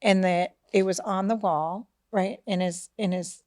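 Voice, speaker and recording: A middle-aged woman telling a family story in casual podcast chat, animated, acting out the voices of the people in it and often asking "right?". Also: mid-range voice, unhurried, no echo, studio quality. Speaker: podcast co-host, mother of the host.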